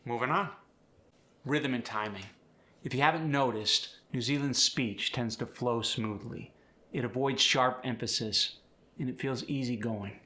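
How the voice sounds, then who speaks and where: Bright, explanatory male accent coach. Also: medium pitch, unhurried. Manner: clear, explanatory. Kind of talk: instructional tutorial.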